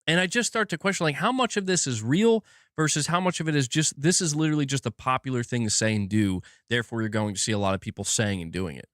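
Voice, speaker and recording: A man hosting a gaming livestream, ranting in an excitable, self-mocking way and swearing often, restarting his words as he gets worked up. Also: mid-range voice, fast, no room sound, clean studio sound. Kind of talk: live commentary rant. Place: indoor room at home.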